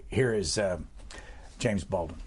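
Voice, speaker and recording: A man hosting an interview, asking plain, unhurried questions. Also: sits low, a little mellow, slightly rough. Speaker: interview host.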